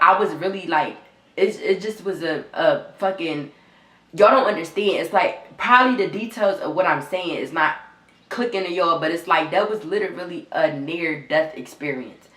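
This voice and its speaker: A woman's voice: sits low, moderate pace, a bit bright, echoey room. A young woman telling her story straight to viewers in a vlog, near tears, raw and repetitive, swearing often. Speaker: vlogger.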